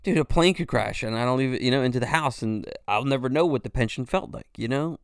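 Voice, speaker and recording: A podcast host in his 40s talks alone in a casual monologue, his mid-range voice gravelly yet smooth, fast and with hardly any pauses. The recording is dry and studio quality, and his loose, rambling talk is full of swearing and repeated "you know"s.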